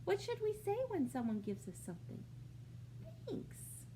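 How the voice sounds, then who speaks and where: A woman librarian reading a picture book aloud at a preschool storytime, pausing to ask the young listeners questions. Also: sits high, big pitch swings, dark tone, slight background noise. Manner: slow, sing-song, asks young listeners questions. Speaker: children's librarian.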